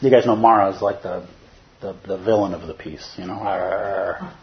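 A man's voice: low-pitched, brisk, muffled recording. A man teaching as a Zen teacher in a dharma talk, conversational and humorous, often checking in with listeners.

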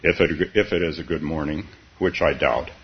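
A man voicing Eeyore, a gloomy old male donkey, in a slow, doleful storybook reading. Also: rumbling low, pitched below the performer's own voice. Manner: drawn-out, doleful delivery. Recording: dull, slightly hissy recording.

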